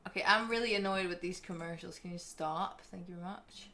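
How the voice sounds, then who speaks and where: A woman's voice: lowish voice, fairly quick, bright, forceful tone. A young woman chatting casually on a live stream, reading chat and laughing often. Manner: giggly, chatty, reads chat aloud. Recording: echoey room.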